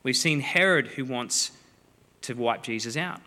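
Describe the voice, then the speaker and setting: A man preaching a sermon, a lively, joking storyteller who acts out the people in the story. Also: medium pitch, a little slow. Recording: long hall reverb.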